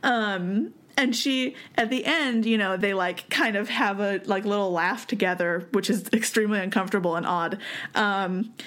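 A young woman talks through a story in a relaxed, chatty way. She laughs often and leans on fillers like "um" and "like" as she goes. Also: mid-range voice, normal speed. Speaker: podcast host telling the story. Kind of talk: casual chat.

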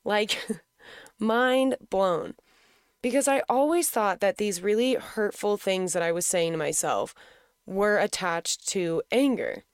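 A woman's voice: mid-range voice, measured pace, smooth, dry recording, clean studio sound. A young adult woman telling a personal story in a frank, casual way, swearing freely and laughing often.

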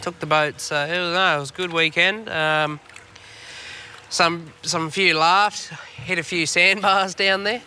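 A laid-back Australian man, very bright and forward in tone and a touch high for a man, chatting and rambling on a fishing podcast. He swears freely as he goes. It's recorded out on a boat, with faint noise underneath. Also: steady tone, unhurried. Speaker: podcast co-host. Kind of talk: casual chat. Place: on a boat on the water.

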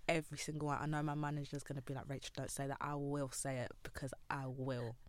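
A woman's voice: low voice, level tone, fast talker, a crowd in the background. A woman musician in a casual interview, bubbly and laughing often as she tells stories. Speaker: musician guest.

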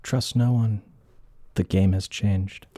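Guy doing a serious spy sidekick, low dark voice, solemn warnings. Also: steady tone, takes it slowly. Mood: grave warning. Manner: solemn, dramatic line reading. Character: grave male spy teammate delivering warnings.

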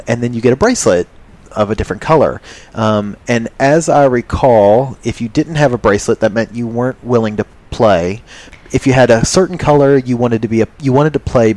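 A man's voice: fairly low pitch, a little mellow. Rambling, jokey male podcast host. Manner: rambling, jokey, many ums. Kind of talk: casual chat.

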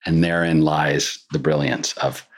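A male actor chatting as a guest in an interview, telling rambling, animated stories. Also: very deep voice, a little slow. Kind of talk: casual interview chat.

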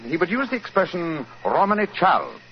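An actor playing a calm, brilliant Victorian detective in a 1940s radio drama, crisp and unhurried. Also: male voice, a little high. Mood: assured. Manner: crisp, unhurried, coolly amused. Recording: dull, faintly hissy 1940s radio broadcast.

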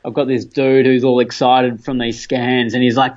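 Australian man, lively storyteller who acts out quotes, casual chat, muffled lo-fi recording. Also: mid-range voice, normal speed. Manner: animated, acts out quoted voices, laughs often.

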